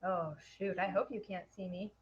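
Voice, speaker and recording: A woman's voice: lowish voice, steady tone, moderate pace, slightly rough, lo-fi sound. A young woman with a headset microphone, giving a live, chatty webinar presentation with many fillers. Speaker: network marketing presenter.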